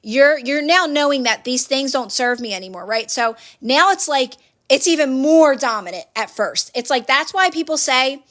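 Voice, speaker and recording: High-voiced woman coaching her live viewers. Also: animated, normal speed, a bit bright. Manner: earnest, repetitive coaching, speaking straight to viewers. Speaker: livestream host. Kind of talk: casual motivational talk answering viewers. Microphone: phone livestream.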